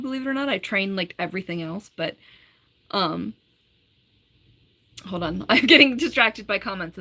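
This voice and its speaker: Woman, livestreamer, casual live-stream chat, giggly, lots of "like", bright tone. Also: medium pitch. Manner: chatty, giggly, full of "like".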